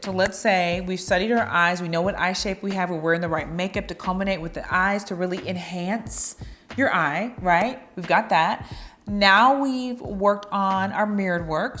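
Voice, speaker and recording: A woman's voice: lowish voice, a bit bright, a little hiss or hum. Playful chatty woman giving dating advice. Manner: chatty and playful, acting out little flirty quotes. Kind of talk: casual advice talk to camera.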